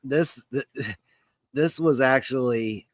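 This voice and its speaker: A man's voice: medium pitch, slow, no echo. A man co-hosting a podcast, chatting casually about movies in a laid-back way, laughing often and swearing now and then. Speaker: podcast co-host.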